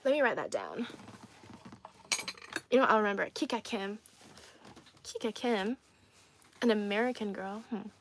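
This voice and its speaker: A woman's voice: medium pitch, lively intonation, moderate pace, pauses often, noisy background. A young woman from China hosting a casual livestream, chatty and playful, laughing often and repeating herself as she reads comments. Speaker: livestream host.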